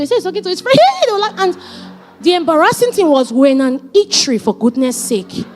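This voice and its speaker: A woman, giving an animated talk on marriage into a handheld mic. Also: very high voice, fairly quick, faint music behind. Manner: animated, dramatic retelling. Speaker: speaker on marriage. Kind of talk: storytelling talk.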